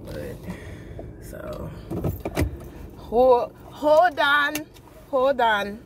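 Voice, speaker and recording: A woman vlogging in a candid, profane, chatty way while driving, filmed on a phone. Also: lowish voice. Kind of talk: casual talk-to-camera vlog. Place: inside a car while driving. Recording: loud car noise.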